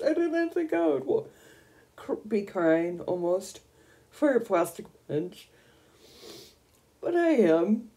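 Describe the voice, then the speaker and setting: Gushing young woman streamer, lively pitch. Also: unhurried. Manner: gushing and excitable, squealing over items. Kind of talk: casual gameplay commentary.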